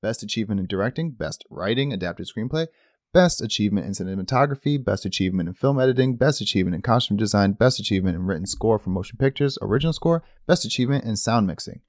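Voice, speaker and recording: A man's voice: lowish voice, animated, fast, no echo, clean studio sound. A young man co-hosting a podcast, chatting casually and rambling in a jokey way about a movie. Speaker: podcast co-host. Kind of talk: casual chat, movie review.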